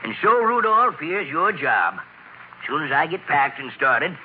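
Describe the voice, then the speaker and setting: A man's voice: on the high side, very animated, measured pace, a little hiss or hum. An older man playing a kindly, busy Santa Claus who talks heartily with chuckles in a 1940s radio drama. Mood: jolly. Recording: tinny old radio recording.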